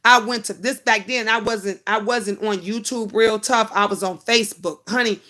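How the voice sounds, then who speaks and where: A woman's voice: medium pitch, normal speed, a bit bright. Emotional storytelling woman, chatty livestream host. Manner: chatty, emotional storytelling, addresses viewers as honey and y'all. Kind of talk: casual storytelling to viewers.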